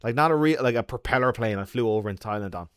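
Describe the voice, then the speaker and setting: A man in his young adult years tells stories to his stream audience with lots of energy, swearing and laughing as he goes. His voice sits at an ordinary middle pitch, and the sound is dry and close, with little room echo. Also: quick pace, clear, resonant tone. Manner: animated, swearing, laughing often. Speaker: YouTuber. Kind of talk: casual livestream chat and storytelling.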